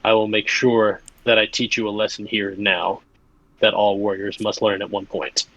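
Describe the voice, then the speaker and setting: A man voicing a calm, battle-hardened male warrior boss in a tabletop game, speaking with gruff pride. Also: on the low side, normal speed, lo-fi sound, pitched below the performer's own voice. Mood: menacing.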